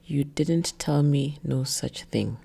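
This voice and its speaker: A woman voicing a controlling, jealous man who speaks flat and cold, then bursts into shouts. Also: on the low side, normal speed, close to an everyday voice.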